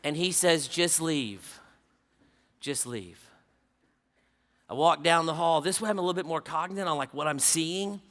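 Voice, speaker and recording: A man preaching to a conference crowd, telling stories in an animated way, acting out dialogue and dropping to a hush for somber moments. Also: on the high side, quick pace, hardly any pauses. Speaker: conference speaker. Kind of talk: storytelling sermon. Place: large conference stage.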